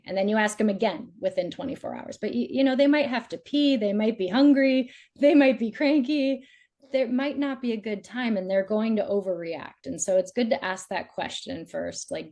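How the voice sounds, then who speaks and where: A woman dating coach talks through relationship advice in a loose, chatty way. She fills her talk with "like" and slips into quoted voices. Her tone is mellow and relaxed. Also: a little high. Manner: chatty, says "like" often, acts out quoted voices.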